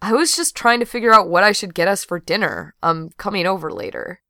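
A woman voicing a gentle, hesitant young woman in an audiobook, speaking softly with halting starts. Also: mid-range voice, expressive, creaky, dry recording, studio quality. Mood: sheepish.

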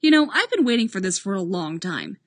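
A woman's voice: medium pitch, sing-song, a little fast, dry recording. A woman doing a gushing, overeager male friend. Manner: effusive, breathless sincerity. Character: gushing emotional man, loyal overeager friend.

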